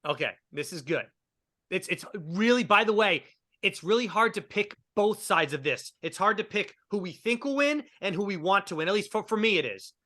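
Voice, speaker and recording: A man's voice: sits high, expressive, moderate pace, pushed and bright. A man hosting a casual aftershow chat, joking and often restarting his sentences. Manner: stammering restarts, jokey. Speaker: podcast host.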